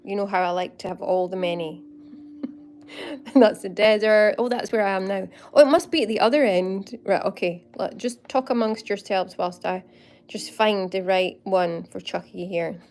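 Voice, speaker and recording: A woman's voice: medium pitch, moderate pace, darkish tone. A Scottish woman hosting a casual livestream, bubbly and laughing often as she chats to viewers by name. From Scotland. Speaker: livestream host. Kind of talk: casual live chat with viewers.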